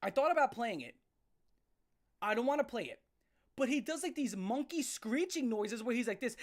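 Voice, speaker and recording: A woman's voice: on the high side, sing-song, moderate pace, shouting. A woman ranting on a live stream about music, blunt and emphatic, often repeating herself and restarting her sentences. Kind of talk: profane live rant.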